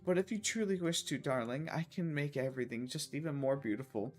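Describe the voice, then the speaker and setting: A man's voice: fairly high pitch, fairly quick, faint music behind, pitched above the performer's own voice, close to an everyday voice. A man voicing a female cultist who soothes a captive sweetly while serenely cruel. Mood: sweetly soothing. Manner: cooing, soothing, sing-song.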